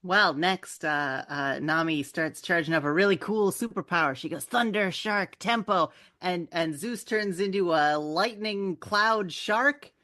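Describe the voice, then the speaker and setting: A woman's voice: lowish voice, measured pace, hardly any pauses, bright, forceful tone. Playful woman recapping manga. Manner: playful, acts out characters' lines while summarizing. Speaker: podcast co-host. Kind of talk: casual chat recapping manga chapters.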